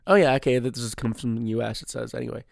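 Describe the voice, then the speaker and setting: A young man hosts his own podcast in a loose, rambling way, cursing freely and making fun of himself. His voice has a gravelly, fry-heavy texture. The sound is dry and close, with no room echo. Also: medium pitch, steady tone, fast talker. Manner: rambling, heavy swearing, self-deprecating. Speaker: podcast host. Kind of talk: casual solo podcast chat.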